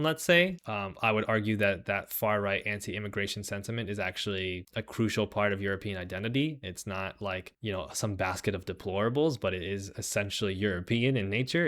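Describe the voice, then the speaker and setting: A man hosting a livestream, talking in a rambling, animated way with a lot of "right?" and sarcastic mock voices as he reads the chat. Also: on the low side. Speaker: host. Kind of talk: livestream commentary.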